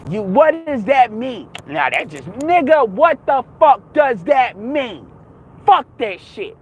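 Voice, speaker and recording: A man's voice: very high voice, sing-song, measured pace, dull audio. A young man ranting in a casual, heated, rambling monologue, swearing often.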